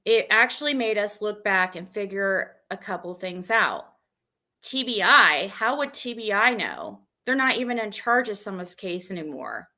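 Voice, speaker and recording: Woman, streamer, venting, exasperated, rambling, bright tone. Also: medium pitch, animated, moderate pace. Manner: exasperated, rambling, retelling an argument with many restarts.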